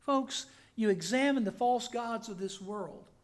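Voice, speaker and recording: A man, a pastor, preaching a sermon and reading scripture aloud, swinging between loud declaring and hushed asides. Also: very high voice, a little slow.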